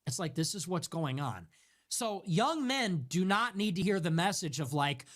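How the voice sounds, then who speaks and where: A man's voice: high-pitched, expressive, moderate pace. A man hosting a livestream show, delivering a sarcastic, exasperated rant in political commentary style.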